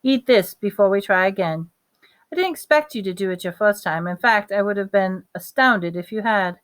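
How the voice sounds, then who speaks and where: A woman reading aloud, voicing a kind, weary male wizard teacher in a gentle, measured way. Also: mid-range voice, natural voice. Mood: concerned.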